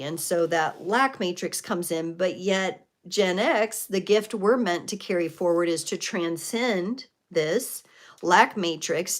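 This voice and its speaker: A woman in her forties or fifties hosting a live tarot reading, speaking in a reflective, spiritual way with frequent fillers and restarts. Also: on the low side. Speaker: tarot reader and livestream host.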